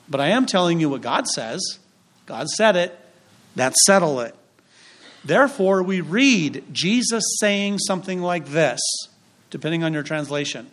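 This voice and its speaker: A male pastor preaching a sermon, emphatic and punchy, with dramatic pauses, repetition and acted-out quotes. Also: fairly high pitch, expressive, fairly bright tone.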